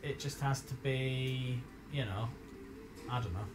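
A man's voice: mid-range voice, measured pace, noisy background. A man chatting casually and swearing a lot while playing a game on a live stream. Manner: sweary, excitable, laughs often.

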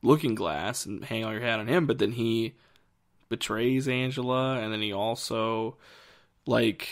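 A man co-hosting a podcast, telling long rambling stories about a series he watched. His voice sits at an ordinary middle pitch, and he talks in a loose, animated way. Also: unhurried. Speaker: podcast co-host. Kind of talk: casual film review chat.

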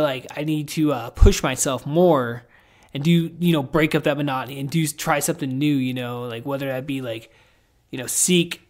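A man hosting a podcast in casual, reflective chat, rambling with lots of filler words and swearing. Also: fairly high pitch. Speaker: podcast host.

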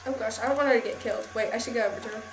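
Woman, let's play host, higher voice, unhurried and giggly, echoey home mic. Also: steady tone, noisy background. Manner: giggly, rambling, self-conscious. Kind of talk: casual gameplay commentary. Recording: echoey room.

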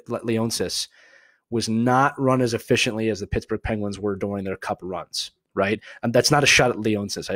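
A man from Philadelphia with a Philly accent, hosting a live hockey chat and answering viewer questions in a chatty, animated way. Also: lowish voice, dry recording, studio quality. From Philadelphia, USA. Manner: animated, chatty, full of filler words and asides.

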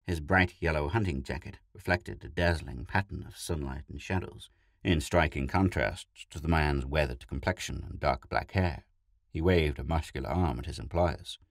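A man narrating a science fiction short story in a steady, measured reading style. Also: very deep voice, gravelly, dry recording, clean studio sound.

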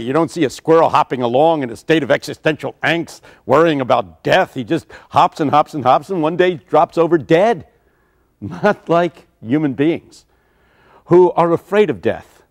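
An older man preaching a sermon, telling stories dramatically with sudden shouts. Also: fairly high pitch. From United States.

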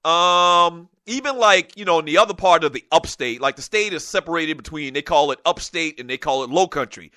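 A middle-aged man with a light Gullah Geechee accent hosts a casual sports talk show and jokes his way through viewer comments. His voice sits high and bright. It is recorded very dry and close. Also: no room sound. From South Carolina low country near Charleston. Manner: animated, joking, laughs often. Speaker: show host. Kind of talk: casual sports talk, reading live chat.

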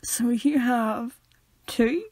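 A woman's voice: a little high, extremely slow, a little mellow, no room sound, studio quality. A young woman with a Northern Irish accent, co-hosting a podcast in playful, giggly casual chat. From Northern Ireland. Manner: playful, giggly, puts on gruff voices. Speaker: podcast co-host.

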